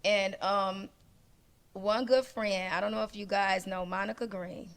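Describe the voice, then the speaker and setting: A woman speaking as a guest on a casual panel discussion, her pitch sitting right in the middle of the range. She tells her story with lively energy and acts out the voices of the people in it. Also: unhurried. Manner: animated storyteller who acts out dialogue.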